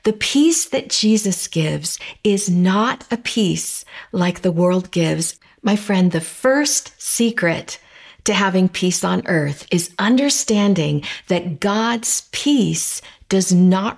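A woman hosting a devotional podcast, reading scripture and speaking in an earnest, encouraging way, slowing down for declarations. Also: on the low side, lively intonation, vocal fry, slightly rough. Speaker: podcast host.

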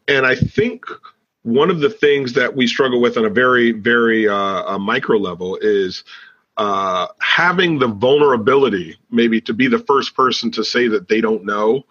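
A man hosting a casual panel chat, speaking haltingly and checking in with "right?" as he asks questions. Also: mid-range voice, fairly bright tone, breathy edge, dry recording, dull audio.

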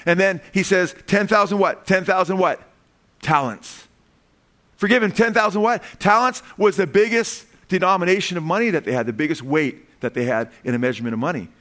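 A man's voice: high-pitched, lively intonation, a little fast, fairly bright tone. A man preaching a sermon in a conversational, emphatic way, often asking his listeners questions.

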